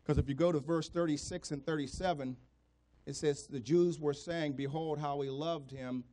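A man preaching a sermon, swinging between hushed, low passages and raised, emphatic ones, voicing scripture and imagined doubters as he goes. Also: fairly even intonation, normal speed. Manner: voices scripture and imagined doubters in quoted speech. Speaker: pastor.

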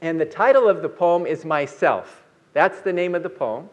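High-voiced preacher man telling a story. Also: animated, lo-fi sound. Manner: storytelling preacher, slow emphatic lines. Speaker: pastor. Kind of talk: sermon.

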